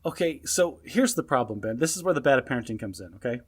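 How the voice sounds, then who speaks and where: A man's voice: medium pitch, lively intonation, fast, slightly rough. Emphatic lecturing male podcast co-host. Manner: emphatic, lecturing when recounting parenting. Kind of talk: casual podcast chat.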